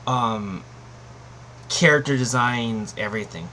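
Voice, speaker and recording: An anime reviewer with a middling pitch talks slowly through a casual review, rambling and restarting before landing hard on emphatic claims, his voice pushed and bright. A faint room-ambience hum lies beneath him.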